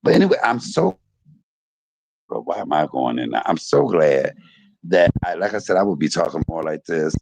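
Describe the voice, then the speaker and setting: A man's voice: extremely low pitch, very animated, moderate pace, gravelly. A middle-aged man hosting a live stream, speaking in an earnest and repetitive way, often cutting in to ask someone to hold up. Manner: earnest, repeats himself, cuts in with "hold up". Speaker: livestream host. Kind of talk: casual live-stream chat. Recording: noisy online stream audio.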